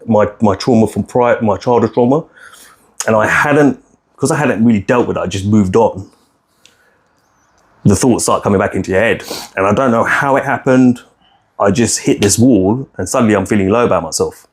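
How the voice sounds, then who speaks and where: Man, late 30s to 40s, podcast co-host, sits on the lower side of male pitch, candid storyteller who rambles, restarts and swears. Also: moderate pace, husky. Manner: frank, rambling, swears freely, many restarts.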